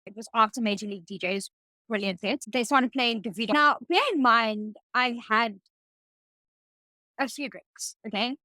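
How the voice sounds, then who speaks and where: High-voiced South African woman telling a story. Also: normal speed, no echo. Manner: animated, rising voice when telling a story. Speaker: podcast co-host. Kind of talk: casual chat, storytelling.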